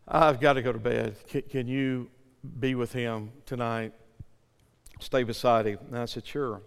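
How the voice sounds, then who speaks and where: A middle-aged male pastor preaching a sermon and leading a prayer, swinging from loud impassioned pleading to hushed near-whispers. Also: medium pitch, fairly even intonation, unhurried, gravelly, smooth. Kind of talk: sermon with altar call. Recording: long hall reverb.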